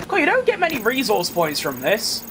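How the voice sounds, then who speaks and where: Chatty young London streamer, lively and high. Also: male voice, normal speed, background noise. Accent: London English. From England. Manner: chatty, reads chat aloud, wry and self-mocking. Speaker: gaming streamer. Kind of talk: casual commentary while playing.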